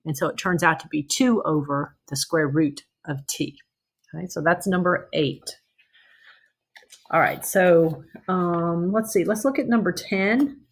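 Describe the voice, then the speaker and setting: A woman with a slightly low voice teaches calculus in a recorded lecture. She talks conversationally, often checking in with "okay?", and restarts or corrects herself as she works through the problems. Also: a little slow, breathy edge. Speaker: math teacher.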